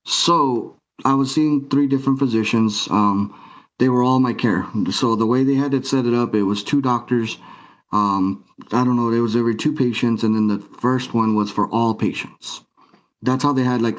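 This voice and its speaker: A man's voice: medium pitch, fairly even intonation, normal speed, highs cut off. A man telling his personal story as an interview guest, earnest and emotional, acting out dialogue.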